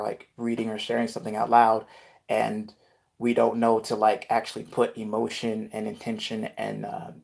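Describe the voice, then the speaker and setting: Casual rap coach, a man with a gravelly mid-range voice, loose and rambling as he answers viewers live. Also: medium pitch. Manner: relaxed, filler-heavy, reads viewer comments aloud.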